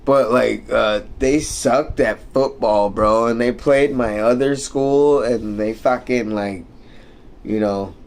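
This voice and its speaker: An American streamer, a young man with a medium-pitched, gravelly voice, speaks slowly as he rants and tells stories casually. He rambles, swears constantly and leans on plenty of fillers.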